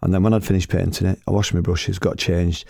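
A chatty storyteller with a low, gravelly voice, rambling from one tale to the next. The recording is dry and close, with hardly any room sound. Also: male voice, flat delivery, fairly quick, dark tone, dry recording. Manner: rambling, chatty, laughs at his own tales. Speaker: storyteller and former radio host. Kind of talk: casual anecdotal storytelling.

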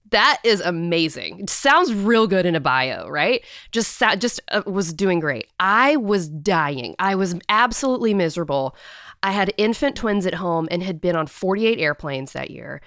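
A woman in her thirties, a guest on a podcast, telling a story in a chatty, animated way with lots of "like". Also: on the low side, no room sound, clean studio sound. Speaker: guest, company CEO. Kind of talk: casual storytelling in a podcast interview.

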